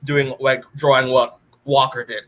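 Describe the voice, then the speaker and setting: A man's voice: medium pitch, little pitch movement, a little slow, fairly bright tone. A man co-hosting a podcast, recapping a comic issue in a rambling, casual way and acting out the characters' lines, with many fillers. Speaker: podcast co-host.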